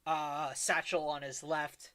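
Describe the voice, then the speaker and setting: A man's voice: fairly high pitch, little pitch movement, takes it slowly, fairly bright tone, smooth. A man narrating as game master in a tabletop game, rambling with lots of ums and uhs. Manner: rambling, many ums and uhs, laughs often.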